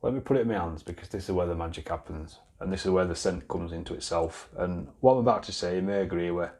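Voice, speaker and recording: Low-voiced Yorkshire man chatting bluntly. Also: quick pace, darkish tone. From Yorkshire, England. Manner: blunt and chatty, swears freely, trails into restarts. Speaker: beard product reviewer. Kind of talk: casual product review chat.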